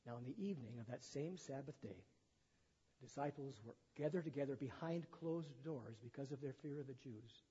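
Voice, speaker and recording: A pastor's mellow, slightly rough medium-pitched voice carries lively intonation at a moderate pace. He reads the gospel in a church sanctuary and retells it in simple terms with chatty remarks, and the recording comes across dull with long echo in the hall.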